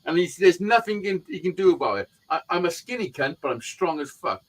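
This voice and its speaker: Swearing man telling rough street stories. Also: sits high, brisk, low-quality recording. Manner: profane, animated storyteller who acts out quotes. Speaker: live stream host. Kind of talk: casual chat, storytelling.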